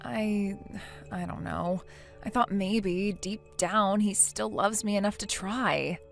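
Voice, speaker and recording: A woman's voice: medium pitch, takes it slowly, gravelly, soft background music. A woman voicing a whiny, self-pitying wife. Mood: defensive. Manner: whiny, defensive. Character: self-pitying young wife who cheated. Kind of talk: text story narration.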